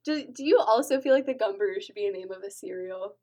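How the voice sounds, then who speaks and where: A woman co-hosting a podcast in casual chat, loud and laughing often. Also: mid-range voice, lively intonation, fast. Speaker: podcast co-host.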